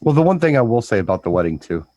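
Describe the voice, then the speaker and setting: A man's voice: mid-range voice, very animated, mellow. A man who works as a DJ, talking casually in a rambling way. He repeats words as he goes and drifts into stories. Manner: rambling storyteller, repeats words, breaks into quick impressions. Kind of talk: casual chat.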